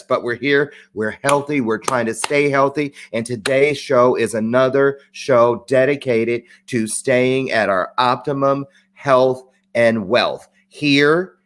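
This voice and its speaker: A man's voice: medium pitch, unhurried, a bit bright. A man hosting a live-streamed talk show, chatting in an upbeat, rambling way with lots of asides. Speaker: host.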